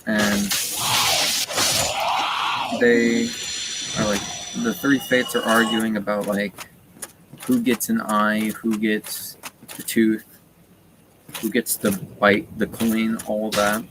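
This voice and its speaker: A man's voice: lowish voice, little pitch movement, slow pace, pauses often. A man casually retelling a story while playing a game, rambling with lots of fillers. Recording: noticeable background noise.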